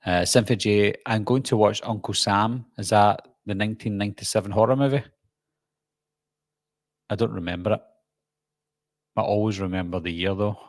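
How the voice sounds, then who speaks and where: A man's voice: on the low side, normal speed, pauses often, no room sound. A middle-aged man with a Glaswegian Scottish accent, hosting a casual live-stream Q&A and chatting about viewer comments as he reads them. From Scotland. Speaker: host.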